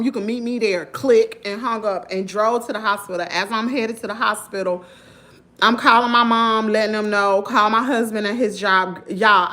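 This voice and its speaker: A woman from Mississippi with a Southern accent, telling a story to her viewers in an animated, emphatic way. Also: mid-range voice. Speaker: vlogger.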